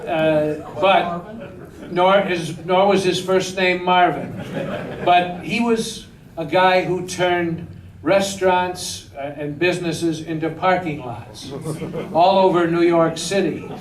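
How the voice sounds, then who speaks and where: Man slowly spinning a story at a theater q&a, higher voice, echoey hall from far off. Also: a crowd in the background. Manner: animated anecdotal, laughing often. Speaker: film director guest.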